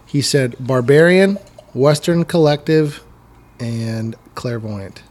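Joking guy cohost, average pitch, talking beers and breweries. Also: takes it slowly, a little mellow. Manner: joking, wisecracking. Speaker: podcast co-host. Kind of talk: casual chat.

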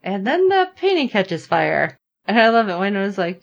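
A woman's voice: medium pitch, moderate pace, dull audio. A woman in casual chat, animatedly recapping a TV episode and acting out the characters' lines. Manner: animated storyteller, acting out both sides of the scene. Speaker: podcast co-host recapping a TV episode.

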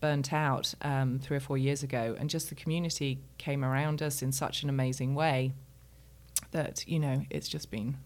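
A woman's voice: rumbling low, steady tone, moderate pace. A middle-aged woman with a London English accent, a pastor speaking as a guest in a casual interview, earnest and full of ums. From England. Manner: earnest, warm-hearted storytelling with frequent ums.

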